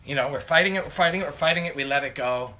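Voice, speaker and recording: A man's voice: a little high, rapid-fire, bright, forceful tone. A man hosting a casual live stream, rambling through fight analysis and answering viewer comments from his phone. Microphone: phone camera.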